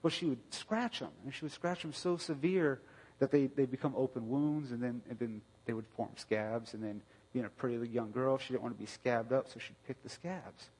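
A middle-aged man preaching a conversational sermon, telling a family story with restarts and sudden loud bursts. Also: mid-range voice, normal speed, breathy edge. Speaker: pastor. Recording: long reverb of a hall.

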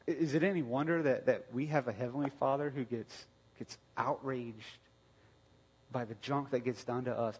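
A middle-aged man preaching a conversational sermon, telling a family story with restarts and sudden loud bursts. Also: mid-range voice, husky. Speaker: pastor. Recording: long reverb of a hall.

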